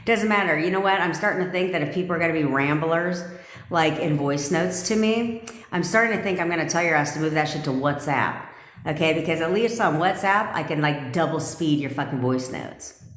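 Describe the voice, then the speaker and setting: A woman's voice: low voice, reverberant. A woman manifestation coach talking bluntly and profanely on a casual livestream rant, often laughing.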